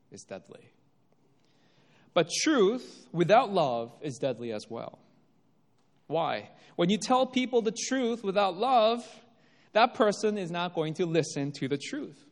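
Male pastor, lively swinging pitch, fairly high voice, emphatic sermon, long hall reverb. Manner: emphatic, rises and drops for effect.

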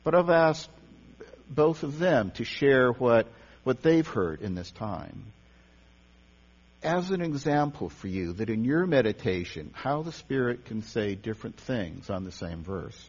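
A man's voice: medium pitch, expressive, a little slow, darkish tone, slightly rough. Man preaching in an echoing hall. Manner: conversational, repeats words and restarts. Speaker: pastor or teacher leading a service. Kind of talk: sermon on meditation. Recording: dull lo-fi sound with long hall reverb and mains hum.

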